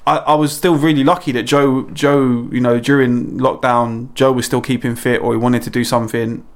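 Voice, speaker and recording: A man guest talks casually on a podcast, rambling and restarting his sentences. His voice sits at an ordinary middle pitch. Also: steady tone, moderate pace. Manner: hesitant, rambling. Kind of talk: casual chat.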